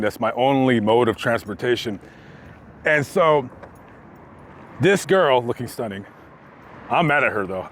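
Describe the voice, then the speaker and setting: Animated storyteller outdoors by traffic. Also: male voice, mid-range voice. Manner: animated storytelling, acting out quotes. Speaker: vlogger. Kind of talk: storytime vlog told on location. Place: outdoors by a busy street. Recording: faint street noise outdoors. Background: passing traffic.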